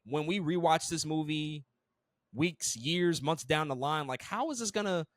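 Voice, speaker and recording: Animated man reviewing a movie. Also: a little high, a little slow, dry recording. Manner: animated, swears, repeats words when restarting. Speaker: podcast co-host. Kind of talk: casual movie review chat.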